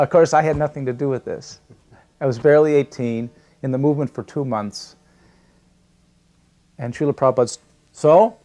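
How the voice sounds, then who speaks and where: A man's voice: mid-range voice, darkish tone. A man telling a personal story in an interview, acting out quoted dialogue and laughing often. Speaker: devotee sharing memories.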